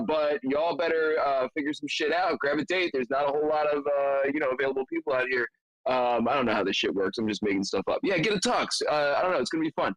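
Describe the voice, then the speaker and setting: A man's voice: a little high, a bit bright, dry recording, poor audio. A man hosting an online meetup in a loose, laughing casual chat with many fillers. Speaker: meetup host.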